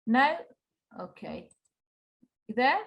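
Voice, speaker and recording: A woman teaching a Qur'an recitation class over a video call, patient and encouraging, slowly modelling sounds for students to repeat. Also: fairly high pitch, sing-song, creaky, lo-fi sound, background noise.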